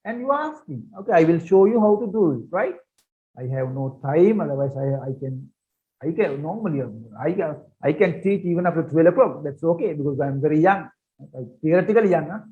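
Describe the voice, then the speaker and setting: This is a man with a fairly high voice, teaching research methods in an online lecture. He talks casually, repeats himself for emphasis and asks the class questions. The sound is dull and lo-fi, like audio from a video call. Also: expressive, brisk. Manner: repetitive, rhetorical questions, conversational teaching. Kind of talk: online lecture with shared slides.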